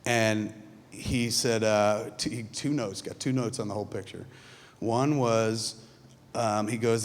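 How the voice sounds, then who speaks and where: A filmmaker telling profane, animated stories live on a theatre stage, mimicking his friends in quick quoted asides. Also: fairly low pitch. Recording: reverberant theatre hall, faint ambience.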